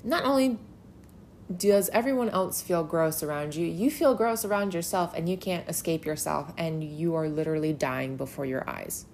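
A woman with a lowish voice teaches a casual Bible lesson, chatty and emphatic, often slipping in filler words. A faint hiss sits under her voice. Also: normal speed, darkish tone.

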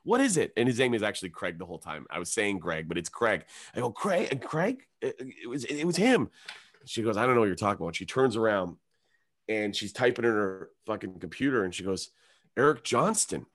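A man's voice: lowish voice, a little fast. A man, a comedian, telling a long story in casual chat, swearing freely and acting out the other people's voices. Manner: animated, swears a lot, acts out other voices. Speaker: comedian guest.

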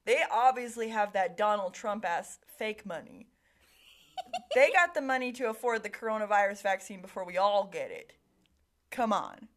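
A woman making wry jokes and quick asides in casual podcast chat. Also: mid-range voice, animated.

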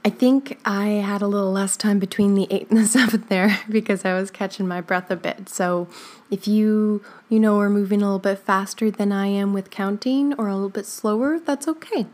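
A woman leading a guided breathing exercise, counting slowly and softly with gentle, encouraging words. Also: mid-range voice. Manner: slow, soothing counting with soft whispered stretches; gentle encouraging asides with light laughs. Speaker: breathing instructor.

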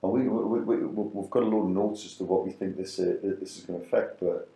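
Deep-voiced middle-aged man, echoey room. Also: steady tone, a little fast, creaky, mellow. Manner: rambling, repeats words while thinking. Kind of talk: casual business chat.

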